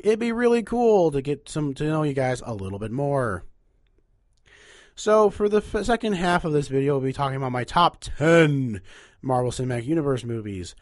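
A man's voice: on the high side, no echo, clean studio sound. A young man with a nasal voice hosting a casual, rambling podcast where he ranks movies. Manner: chatty, rambling, upbeat. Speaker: podcast host.

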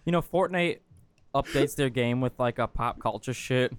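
A man's voice: mid-range voice, moderate pace. A man chatting casually with friends, making jokey, rambling asides. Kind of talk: casual chat among friends.

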